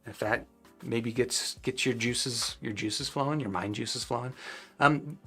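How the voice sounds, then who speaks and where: A man's voice: medium pitch, unhurried, a bit bright, slightly rough, soft background music. A man hosting a live stream, casually answering viewers' chat questions with loose, rambling talk full of fillers and restarts.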